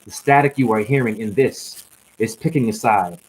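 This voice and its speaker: A man's voice: on the low side, moderate pace, low-quality recording. A man on a livestream delivering a rambling, rhyming spiritual monologue with bursts of whoops, sounding tired and drained. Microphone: static-laden livestream mic.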